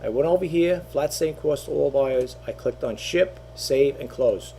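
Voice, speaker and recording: A man's voice: medium pitch, moderate pace, gravelly, warm tone, a little hiss or hum. A middle-aged man talking casually to his channel as an online reseller, rambling and repeating himself, with lots of fillers. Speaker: eBay reseller and YouTuber. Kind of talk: casual talking-head monologue.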